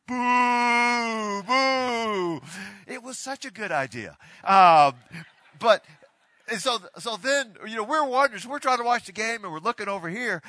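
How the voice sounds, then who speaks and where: A man who is a pastor giving a teaching talk, telling a story with animated, excited energy. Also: sits high, dry recording.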